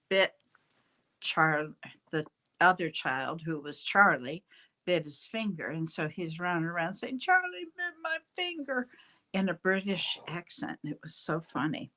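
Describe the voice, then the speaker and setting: A woman's voice: on the low side, fairly bright tone. An older woman hosting a casual live tarot reading, chatty and rambling, often breaking off mid-sentence. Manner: chatty, rambling, self-interrupting. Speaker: tarot reader, show host.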